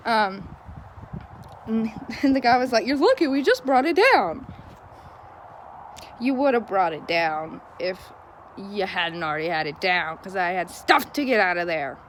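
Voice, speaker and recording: A woman's voice: lowish voice, unhurried, a bit bright, a little hiss or hum. A young woman telling a story in a casual vlog, chatty and frustrated, laughing often, filming on a phone outdoors in the cold. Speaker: vlogger.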